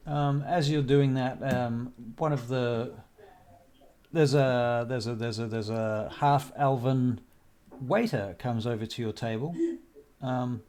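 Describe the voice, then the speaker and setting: A man narrating as game master in a tabletop role-play, pausing often with ums. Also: mid-range voice, a little mellow. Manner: hesitant, many ums.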